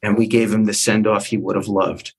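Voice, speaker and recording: An older man from New Jersey with a husky voice, telling animated stories as a guest and acting out the people in them. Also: brisk, low-quality recording. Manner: acts out quoted voices with big pitch jumps. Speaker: guest storyteller. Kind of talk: animated anecdotal storytelling.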